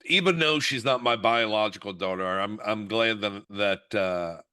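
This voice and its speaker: A man's voice: on the low side, normal speed. A middle-aged man co-hosting a podcast, chatting casually and acting out the people he quotes. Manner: animated storyteller, acts out the quotes. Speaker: podcast co-host. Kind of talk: casual chat.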